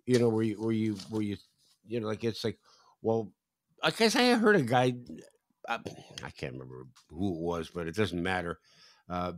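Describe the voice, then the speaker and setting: A male podcast host chatting casually with a guest. He speaks haltingly, restarting and repeating words, and his pitch moves in a lively way. The sound is dry and close. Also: no echo. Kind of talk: casual interview chat.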